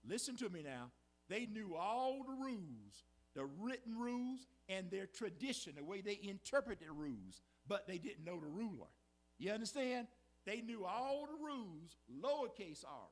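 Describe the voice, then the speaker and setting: A man preaching a sermon in a church, repeating his points and calling out to the congregation. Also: high voice. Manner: preaching with call-and-response asides, repetitive emphasis. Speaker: pastor. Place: church sanctuary.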